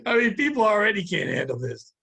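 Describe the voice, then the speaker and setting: A man with a high, husky voice trades crude jokes on a podcast. He riffs loosely and breaks into laughter often, with a slight breathy edge. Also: sing-song, fast, pushed and bright. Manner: joking, mocking voices, laughs a lot. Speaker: podcast co-host. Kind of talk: crude comedic banter.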